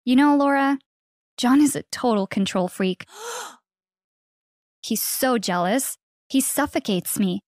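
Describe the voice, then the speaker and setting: A guarded but tender teenage girl, as a woman puts her on in a narrated story, soft and confiding. Her voice sits fairly high and the recording is dry and close. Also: big pitch swings, slow pace, pauses often, no room sound, heavily acted. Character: teenage girl, former best friend, guarded then tender. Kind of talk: scripted story voice acting.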